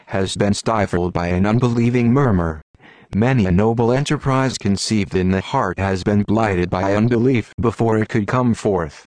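A man's voice: fairly low pitch, a little mellow, no room sound, clean studio sound. A man preaching a sermon in an emphatic, rhetorical oratorical manner. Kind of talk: sermon reading.

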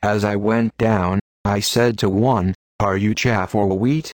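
Low, fervent male preacher, dry sound. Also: fairly even intonation, slow pace, no room sound. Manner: fervent, solemn and rhetorical. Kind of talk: old-style sermon reading.

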